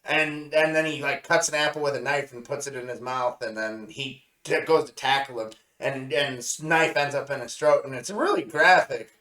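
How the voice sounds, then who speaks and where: A man's voice: medium pitch, moderate pace, hardly any pauses, pushed and bright. Joking man in an echoey room. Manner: joking interjections. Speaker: anime podcast co-host. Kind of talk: casual review chat.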